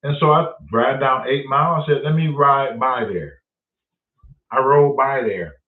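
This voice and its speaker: A man's voice: mid-range voice, unhurried. Man, host, swears a lot, acts out every line of a story; far off, roomy echo, phone-thin sound. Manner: profane, animated storyteller acting out dialogue. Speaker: show host telling a story. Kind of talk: casual storytelling. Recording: echoey, distant, phone-like sound.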